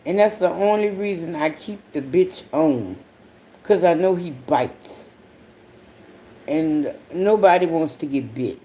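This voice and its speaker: A host telling a story in a casual monologue, full of cursing and laughter. The voice is warm and unhurried, and it jumps high when exasperated. A faint hum of noise sits under the voice. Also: expressive. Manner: profane, blunt, with sudden high-pitched outbursts. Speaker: podcast host.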